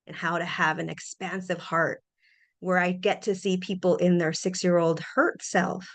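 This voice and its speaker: A middle-aged woman hosting a podcast, sharing personal reflections in an earnest, animated way with frequent restarts. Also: on the low side. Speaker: podcast host.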